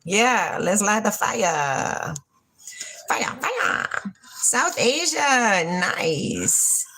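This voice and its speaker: Animated, rambling woman in her forties. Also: medium pitch, very slow, slight background noise. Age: 40s. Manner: rambling, dreamy and playful, reads chat comments aloud. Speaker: livestream host. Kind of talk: casual chat with live chat.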